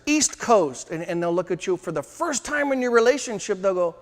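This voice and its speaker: Male sales coach, seminar delivery, emphatic with deliberate slowdowns; fairly high voice, long hall reverb. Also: lively intonation. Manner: emphatic, slows down to stress points. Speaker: sales trainer. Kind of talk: seminar talk to a live room.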